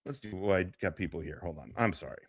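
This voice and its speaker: Profane, animated male streamer. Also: low voice, fast talker, breathy edge, no room sound, studio quality. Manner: profane, mocking, excitable. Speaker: live streamer host. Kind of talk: casual reaction commentary.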